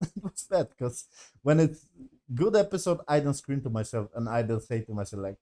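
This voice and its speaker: A man's voice: medium pitch, sing-song, normal speed, dark tone. A man giving a casual, rambling review of a TV episode, swearing often and sounding exasperated. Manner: profane, exasperated, rambling with many fillers. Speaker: TV show reviewer.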